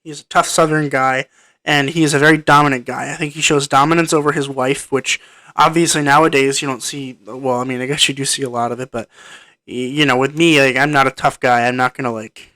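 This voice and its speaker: A man's voice: medium pitch, steady tone, fairly quick, pushed and bright, no echo. A man giving a casual spoken film review into a computer microphone, rambling and hesitant with frequent ums and restarts. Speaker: movie reviewer. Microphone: microphone plugged into a computer.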